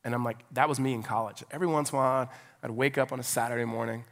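A pastor in his thirties preaches a sermon built on personal stories, told loosely and conversationally with lots of fillers as his preaching fervor rises. His mid-range voice is steady in tone, rapid-fire, with vocal fry, and the large hall gives the recording a long reverb.

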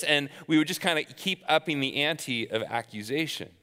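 A man's voice: on the high side, expressive, normal speed, hardly any pauses, sharp tone, clean tone. A man in his thirties preaching a sermon, casual and conversational, telling personal stories with self-deprecating humor. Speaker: pastor. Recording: long hall reverb.

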